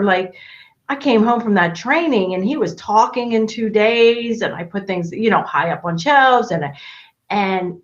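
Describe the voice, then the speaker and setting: A woman's voice: medium pitch, a little slow, muffled recording. A middle-aged woman, a guest on an interview, telling long stories in casual chat with lots of fillers and restarts over a video call. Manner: talkative, storytelling with many fillers and restarts. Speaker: guest, autism expert and parent.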